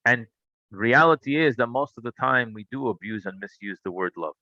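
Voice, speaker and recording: Guy giving a torah class, bright forceful voice, lots of questions, dull dry recording. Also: medium pitch, normal speed, dry recording. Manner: animated storytelling, asks rhetorical questions. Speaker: rabbi teaching a Torah class.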